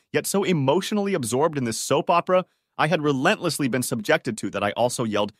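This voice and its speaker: A man narrating a string of short online stories in a steady, scripted reading voice. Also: medium pitch, a little fast, no echo, clean studio sound.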